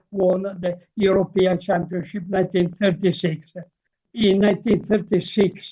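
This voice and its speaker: An older man with a heavy Italian accent, giving a lecture over slides on a video call, halting and full of fillers. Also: high-pitched, dark tone. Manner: halting, with frequent fillers and restarts. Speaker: guest presenter, motor historian. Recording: muffled video call audio.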